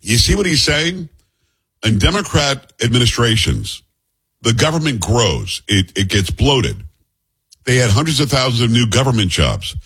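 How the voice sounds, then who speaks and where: A man's voice: mid-range voice, big pitch swings, moderate pace, a bit bright, husky. A man hosting a political commentary show, talking bluntly and with scorn in a conversational way. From New York area. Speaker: talk show host.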